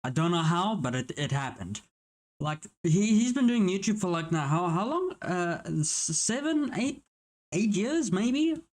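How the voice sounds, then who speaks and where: A man talks casually over a news clip he's reacting to, his voice a little higher than most. He rambles, loses his thread and swears now and then. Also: very animated, a little slow. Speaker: reaction channel host.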